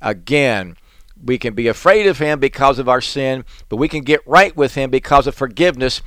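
A man preaching a sermon, reading scripture slowly and breaking into raised, pleading outbursts. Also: mid-range voice, expressive, fairly bright tone, no echo. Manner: reads scripture slowly and deliberately.

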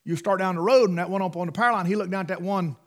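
A man preaching a sermon in a folksy, emphatic way, swinging between loud bursts and hushed asides. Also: sits high, racing.

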